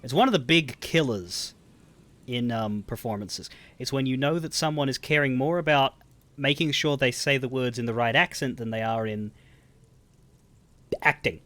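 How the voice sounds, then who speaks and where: A man's voice: mid-range voice, normal speed, fairly bright tone, no echo. A man live-streaming a game, commenting casually in a rambling, self-interrupting way.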